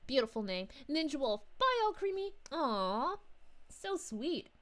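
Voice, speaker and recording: A bubbly young princess, played by a woman, chats with her stream, giggling and gushing as she reads out messages. Her voice sits high and swoops up and down. She takes her time between lines. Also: sing-song, measured pace, fairly bright tone, full character voice. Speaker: VTuber streamer. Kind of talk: livestream chat reading.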